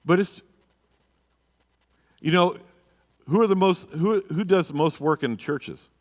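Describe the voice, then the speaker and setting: A man's voice: sits high, a little slow. A man, a pastor teaching a marriage class in church, emphatic and full of rhetorical questions. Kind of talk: church lesson. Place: church hall. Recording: live church room with reverb.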